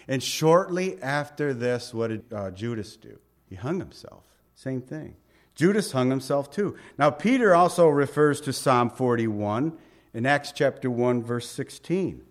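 A male pastor teaching verse by verse, reading scripture aloud and asking his listeners rhetorical questions, with emphatic rises and quiet asides. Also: medium pitch. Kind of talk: expository Bible teaching.

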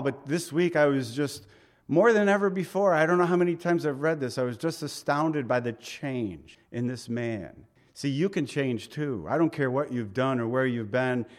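A middle-aged man preaching a conversational sermon, asking rhetorical questions and voicing quotes dramatically. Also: mid-range voice. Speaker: pastor.

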